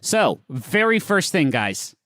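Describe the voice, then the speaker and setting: A man's voice: slow pace, no echo, studio quality. A man co-hosting a comedy podcast, reading an advice article aloud with jokey, swinging delivery. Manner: animated, jokey, swings between high and low pitch while reading aloud. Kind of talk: casual comedic podcast banter.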